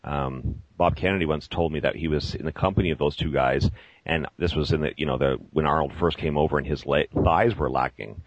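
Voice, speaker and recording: A man's voice: a bass voice, brisk, dry recording, dull audio. A man co-hosting a radio talk show, telling stories in a rambling way with many fillers and restarts. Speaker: co-host. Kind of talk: casual podcast chat.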